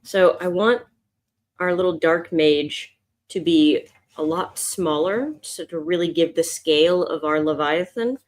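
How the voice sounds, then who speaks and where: Art teacher, woman, lowish voice, loose chatty delivery while she sketches live. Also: a little slow. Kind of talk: casual live drawing stream.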